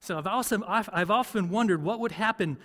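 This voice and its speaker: A man's voice: high voice, a little fast, fairly bright tone, in a large hall. A man preaching a sermon as pastor, conversational, often asking the congregation questions. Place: church.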